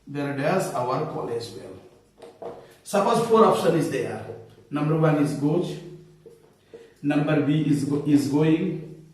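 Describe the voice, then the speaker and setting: Male grammar teacher, fairly high voice, repeats key points; distant mic in an echoey room. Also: darkish tone. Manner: explanatory, repeats key phrases. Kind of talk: classroom grammar lesson.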